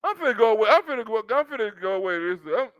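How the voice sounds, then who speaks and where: A man's voice: high voice, expressive, racing, a bit bright, clear, resonant tone, no room sound, highs cut off. A man doing comedic reaction commentary, mocking and laughing often, with street slang.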